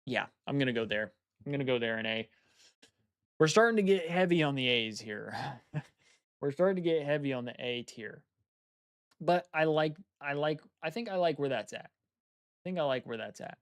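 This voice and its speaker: A man's voice: medium pitch, smooth, dry recording, studio quality. A young man chatting casually on a live stream, thinking aloud and repeating phrases as he weighs his choices.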